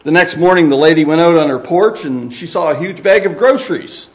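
A pastor delivering a sermon with an earnest, measured delivery. His voice sits a touch high for a man, and he often doubles words as he goes. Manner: earnest, repeats words as he speaks.

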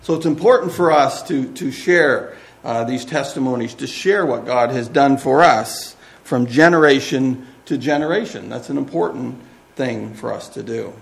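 A man's voice: mid-range voice, moderate pace, gravelly. A man preaching a sermon as pastor, earnest and often repeating words as he goes.

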